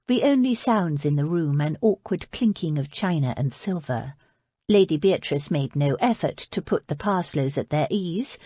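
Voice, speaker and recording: A woman narrating an audiobook with expressive storytelling. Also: sits low, slightly rough, no room sound. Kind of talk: scripted narration.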